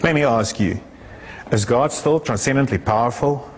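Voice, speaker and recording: A man's voice: medium pitch, moderate pace, a little hiss or hum. A man preaching a sermon, building to fervent emphasis through rhetorical questions. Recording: long hall reverb.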